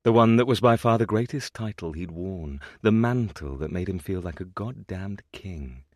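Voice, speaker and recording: A man with a low voice reads an audiobook with lively, expressive swings of pitch. His delivery is scripted and close-miked. The sound is dry, with no room around it. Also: normal speed, no echo. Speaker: audiobook narrator.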